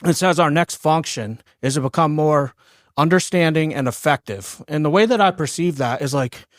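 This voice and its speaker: A man around forty co-hosts a podcast and speaks in a heartfelt, sincere way. His voice is slightly high. The recording is dry and close. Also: normal speed, no room sound. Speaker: podcast co-host. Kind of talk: podcast interview.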